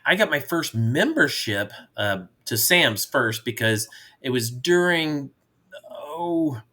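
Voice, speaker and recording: Jovial middle-aged man, bright voice. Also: medium pitch, animated, slow. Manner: jovial storyteller, rambling with restarts. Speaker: podcast co-host, father. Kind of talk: casual chat.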